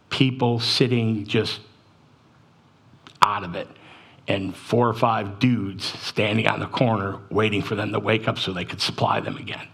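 A middle-aged man giving a sermon testimony, telling his story with emotion and sinking low and quiet at the sad moments. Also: breathy edge. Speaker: church speaker.

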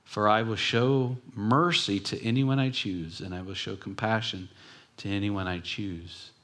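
A man preaching a sermon in an earnest way, often dropping to a soft hush on key words. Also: lowish voice, fairly even intonation, unhurried. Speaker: pastor.

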